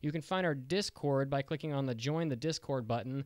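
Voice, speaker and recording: A man's voice: medium pitch, a little fast, a little mellow, no room sound. A man hosting a casual podcast, upbeat and joking, rambling with restarts. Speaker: podcast host.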